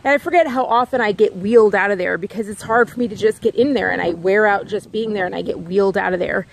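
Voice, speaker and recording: A woman's voice: medium pitch, fast, vocal fry, a little hiss or hum. A woman vlogger in a casual, rambling chat, talking outdoors near her home and repeating herself with lots of "like"s.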